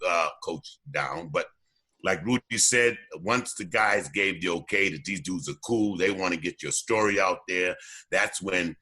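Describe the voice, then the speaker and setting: A low-pitched man tells stories in a radio interview, his voice bright and forward with a husky edge. He is animated and often stumbles over repeated words before getting going. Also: normal speed. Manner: animated storyteller, repeats words when starting sentences. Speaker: documentary co-producer and former youth coach.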